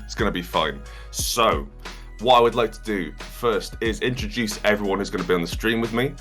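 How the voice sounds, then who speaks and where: A man's voice: fairly low pitch, normal speed, fairly bright tone, faint music behind. A man acting as game master, introducing players on a video call with playful, self-mocking banter. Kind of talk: joking stream introduction.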